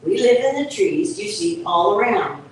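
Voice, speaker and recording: A woman's voice: medium pitch, sing-song, normal speed, a little hiss or hum, lightly acted. A woman voicing a polite female dove in a children's storybook, recorded from far off in an echoey hall.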